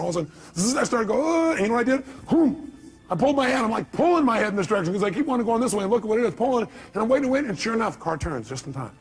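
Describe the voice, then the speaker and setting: A man giving a motivational seminar talk, telling stories animatedly and acting out voices and shouts. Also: high voice, vocal fry. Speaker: motivational speaker.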